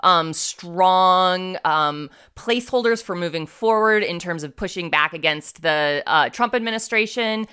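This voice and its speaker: A woman's voice: lowish voice, unhurried, hardly any pauses, pushed and bright, clear, resonant tone. A woman co-hosting a podcast, talking politics in an emphatic, blunt way with casual swearing. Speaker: podcast co-host.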